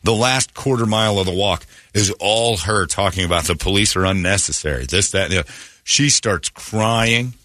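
Animated man telling a story, bright voice. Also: fairly low pitch, moderate pace, no room sound, studio quality. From Phoenix, Arizona. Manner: animated storyteller, mimics people he describes. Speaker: radio show host. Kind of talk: casual storytelling on a radio show.

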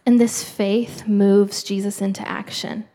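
Woman preaching, kinda gravelly voice, chatty and earnest, mid-pitch. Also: flat delivery, measured pace, warm tone. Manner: earnest, conversational with fillers. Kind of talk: sermon.

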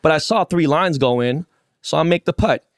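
A man's voice: on the high side, normal speed, no echo, studio quality. A man co-hosting a podcast, telling a story casually with lots of swearing and acted-out quotes. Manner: animated, profane, acts out quotes. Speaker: podcast co-host.

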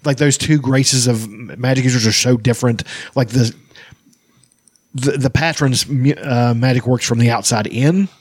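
A man's voice: medium pitch, normal speed, breathy edge, dry recording, studio quality. A man in casual chat, rambling and swearing freely, with many restarts and fillers.

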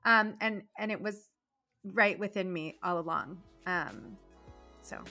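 A woman's voice: fairly low pitch, slow, sharp tone, faint music behind. A middle-aged woman, a dentist and entrepreneur, telling her story animatedly in an interview, drifting into tangents. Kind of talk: casual interview conversation.

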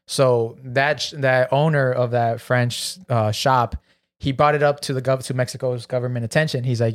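A man's voice: medium pitch, normal speed. Slangy young man telling a story. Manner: loose, slangy, animated storyteller. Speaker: podcast co-host. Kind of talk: casual chat, storytelling.

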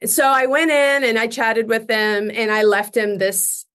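A young woman chatting as an interview guest, telling animated stories and laughing often. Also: fairly high pitch, unhurried. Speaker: guest actress. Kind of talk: casual interview chat.

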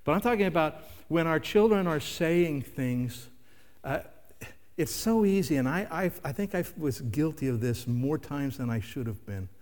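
Older man, pastor, sermon, raised pitch, long reverb, conversational with rhetorical questions. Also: expressive, moderate pace, a little mellow.

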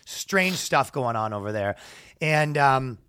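A man telling a comedic story on a podcast, loud and animated, with bursts of shouted announcer impressions. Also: mid-range voice, slow pace, clean tone. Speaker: podcast co-host.

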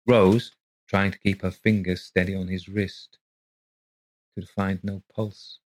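Husky-voiced man reading a ghost story. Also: deep voice, flat delivery, slow pace, rough recording. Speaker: podcast narrator.

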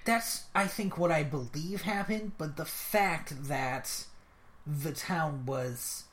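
A podcast host in casual conversation, chatty and quick, often cutting in with afterthoughts. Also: medium pitch, slight background noise.

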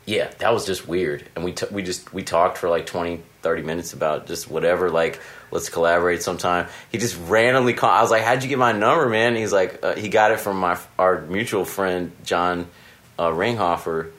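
A man's voice: low-pitched, fairly even intonation, moderate pace, fairly bright tone. A man hosting a podcast, chatting casually and rambling through a story. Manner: rambling, retells calls with quoted voices. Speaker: podcast host. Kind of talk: casual chat. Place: hotel room.

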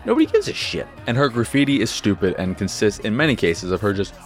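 A man's voice: fairly low pitch, huge pitch swings, fast, soft background music. A young man ranting through a casual game review, profane, sarcastic and exasperated.

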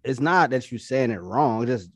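A man's voice: medium pitch, normal speed, no echo. A man co-hosting a podcast, arguing animatedly and profanely in casual chat. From Baltimore. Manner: animated, profane, argues points with quoted voices. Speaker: podcast co-host.

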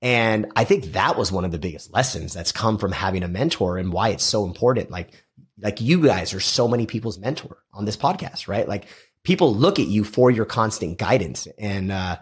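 A middle-aged man, a guest on a podcast, talking casually and acting out quoted conversations with lively shifts in his voice. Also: fairly low pitch, normal speed, breathy edge. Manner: animated storyteller, acts out quoted dialogue. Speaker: guest, house flipper.

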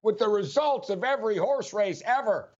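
A man's voice: high voice, animated, normal speed, darkish tone, muffled recording, voice pushed up. A man voicing a melodramatic male cartoon robot while retelling a scene on a sports talk show. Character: crying then scheming male cartoon robot.

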